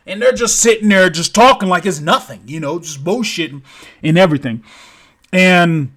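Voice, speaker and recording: A man's voice: on the high side, a bit bright. A man telling a story in a casual, improvised way: profane and rambling, acting out thuds aloud. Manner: profane, rambling, repeats sound effects.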